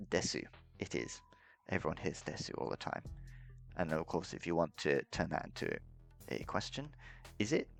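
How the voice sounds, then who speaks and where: A man's voice: low voice, vocal fry. A young man casually teaching a beginner language lesson, rambling and correcting himself and laughing at his own mistakes. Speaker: self-taught language hobbyist teaching a lesson.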